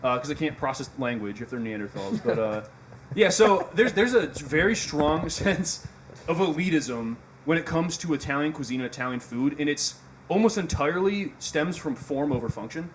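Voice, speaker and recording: A man's voice: fairly high pitch, expressive, slight background noise. A young man with a Midwestern accent ranting on a casual podcast, swearing and laughing as he makes his point. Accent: Midwestern American. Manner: fast, swearing, laughing, emphatic. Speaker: podcast host.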